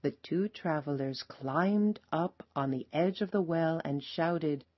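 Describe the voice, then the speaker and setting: A woman narrating an animated children's story in an expressive, unhurried manner. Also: low voice, no room sound. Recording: slightly dull recording, faint noise.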